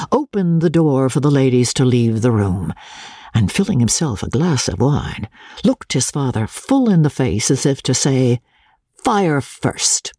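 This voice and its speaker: A woman narrates a classic novel in a theatrical storytelling manner. Her voice is husky, with lively rises and falls in pitch. The studio sound is dry and close. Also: no room sound. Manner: expressive, theatrical reading. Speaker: audiobook narrator.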